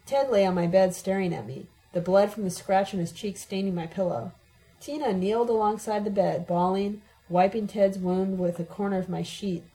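A woman's voice: medium pitch, normal speed, dark tone, rough recording. A woman giving an emotionally charged, dramatic first-person audiobook narration.

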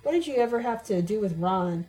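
A disgusted young man, read by a woman hisses insults in a mellow, dark-edged voice. His words come out with open contempt. This is a storybook reading rather than a full acted performance. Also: medium pitch, animated, brisk, close to an everyday voice, rough recording. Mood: contemptuous. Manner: hissing, contemptuous.

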